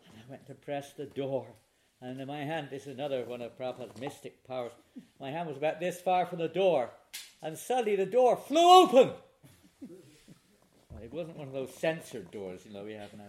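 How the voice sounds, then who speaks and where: Talking fast in a mid-range voice, an older man recounts an amusing personal story to a live crowd as a spiritual retreat speaker. He's an animated, funny storyteller, and there's slight background noise.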